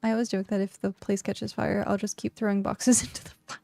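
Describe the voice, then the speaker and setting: Woman streamer just chatting, lots of likes and laughs, fry in her voice, dry close sound. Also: medium pitch, little pitch movement, brisk, warm tone, no room sound. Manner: chatty, filler-heavy, laughs often. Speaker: game streamer. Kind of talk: casual livestream chat.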